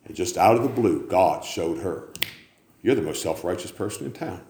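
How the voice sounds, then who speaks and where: A man preaching a sermon, building to loud climaxes and then dropping low. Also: animated, normal speed. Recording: echoey room with faint background noise.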